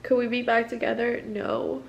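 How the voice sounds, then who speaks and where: A woman's voice: on the high side, level tone, normal speed, vocal fry, dull audio, a little hiss or hum. Distressed young woman venting, profane and rambling. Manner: rambling, profane, filler-heavy "like". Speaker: military spouse. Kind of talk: candid confessional vlog.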